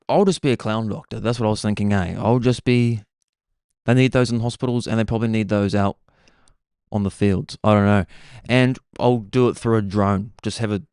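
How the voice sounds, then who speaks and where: A young podcast host rambles casually, laid-back and meandering, with frequent "bro"s. His voice is on the low side, smooth and darkish in tone, captured in a dry, studio-quality recording.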